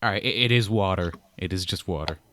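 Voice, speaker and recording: A young man narrating and explaining rules as game master of a tabletop game, relaxed and playful. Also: low-pitched, fast talker, background noise.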